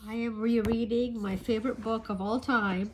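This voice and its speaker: A woman vlogs about a book she loves, soft-spoken and gushing, often restarting her sentences. Her voice sits a little high. She records on a phone camera out on a street, with faint traffic noise behind her. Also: fairly even intonation, moderate pace. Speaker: book vlogger. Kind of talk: casual vlog chat. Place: outdoors on a street.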